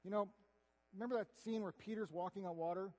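Guy preaching, pretty high voice, gets loud then goes quiet, big reverby hall. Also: fairly even intonation, fast. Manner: earnest, conversational, swings between loud and hushed. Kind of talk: sermon.

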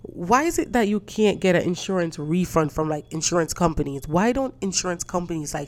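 A woman's voice: on the low side, animated, brisk, hardly any pauses. A woman hosting a podcast, ranting in a casual, profane, indignant way and telling stories with quoted voices. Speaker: podcast host. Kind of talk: casual solo rant.

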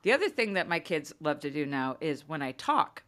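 A woman's voice: sits low, fairly quick. A woman in her thirties co-hosting a podcast, telling a story in casual chat and acting out her children's lines. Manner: animated storytelling, acts out her kids' voices. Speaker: podcast co-host.

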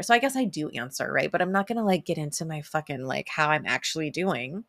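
A brash woman talks straight to camera in a casual self-help monologue, swearing freely and breaking into laughter. Her pitch swings widely and she slips into sing-song voices to quote other people. The sound is dry and close. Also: lively intonation, fast talker, fairly bright tone, dry recording. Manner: brash and profane, laughs often.

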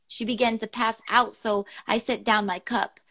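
This is a young woman co-hosting a poetry show over an online call. Her talk is casual and salted with swearing. When she reads poems aloud she is openly emotional and quick to laugh. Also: fairly high pitch, little pitch movement, gravelly, pushed and bright. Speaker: podcast co-host reading listener poems. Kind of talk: casual chat and poetry reading.

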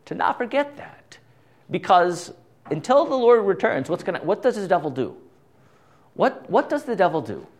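A very animated middle-aged man with a high voice leads an informal Bible study at normal speed, with slight hiss or hum in the audio. He talks freely, asks rhetorical questions ending in "right?", and often stammers, restarts, and chuckles.

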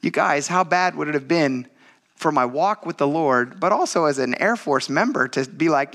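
A man in his thirties preaches a conversational midweek sermon, his voice on the high side, unhurried, with vocal fry. He reads scripture aloud and tells animated stories punctuated by laughs.

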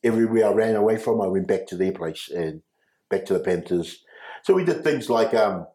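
A man, recounting his life as an interview guest, halting with restarts and frequent chuckles. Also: fairly low pitch, expressive, mellow. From New Zealand. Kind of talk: personal storytelling. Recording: echoey room.

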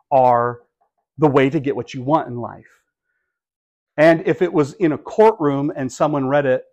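Preaching in a medium-pitched voice, this middle-aged man speaks as a pastor with a wry, conversational manner. Now and then he breaks into animated emphasis.

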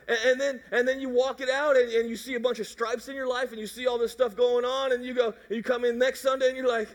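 Middle-aged male pastor, very high-pitched, playful and animated delivery. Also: fast talker, few pauses, in a large hall. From Mississippi. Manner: animated, jokey, acts out voices and roars. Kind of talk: sermon.

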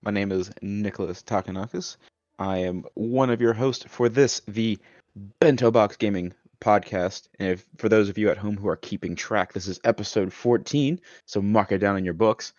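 A man hosting a gaming podcast in casual chat, relaxed and joking. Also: on the low side, normal speed, no echo, muffled recording. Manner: relaxed, joking, laughs often. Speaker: podcast host.

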